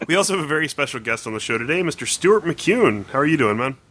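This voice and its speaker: Fast-talking bright-voiced male podcast host. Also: on the high side, expressive. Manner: fast, upbeat, recaps plots at length. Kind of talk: casual comics podcast chat.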